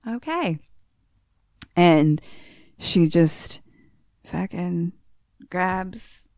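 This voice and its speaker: Young woman podcast co-host, unhurried, dry close sound, cheerfully foul-mouthed storyteller. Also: fairly low pitch, a little mellow, no echo. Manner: profane, laughing storyteller. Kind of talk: casual movie recap chat.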